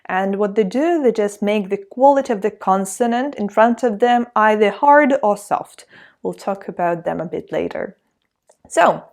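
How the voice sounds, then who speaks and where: Russian lady teaching how to read, slow and patient, cheering the learner on. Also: mid-range voice, a little mellow. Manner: patient, encouraging, reads words slowly for repetition. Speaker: language teacher. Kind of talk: online language lesson.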